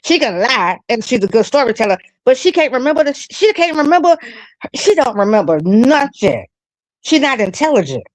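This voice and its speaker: A woman's voice: a little high, very animated, normal speed, dry recording, rough recording. A woman co-hosting a casual late-night chat, giving blunt, emphatic opinions.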